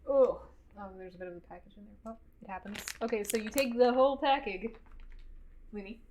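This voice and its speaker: A woman's voice: mid-range voice, brisk, a little mellow, highs cut off, a little hiss or hum. Blunt, profane woman streaming from her kitchen. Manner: blunt and profane, with clipped commands to her dog. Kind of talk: casual live-stream chat while cooking. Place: home kitchen.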